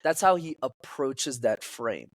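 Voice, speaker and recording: Man, public speaking coach, podcast guest, animated, acts out quotes, dry sound. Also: medium pitch, takes it slowly, dry recording.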